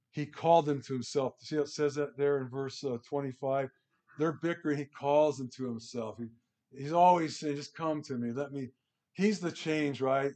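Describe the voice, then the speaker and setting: A middle-aged man of ordinary pitch teaches a relaxed Bible study, chatting his way through a worksheet. He often restarts his sentences and reads scripture aloud with rising emphasis.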